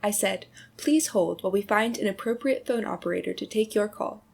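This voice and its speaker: A woman's voice: mid-range voice, a little fast, vocal fry, husky. A woman voicing a curt, unhelpful automated phone-line voice in a comedic short film, clipped and dismissive. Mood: dry, dismissive.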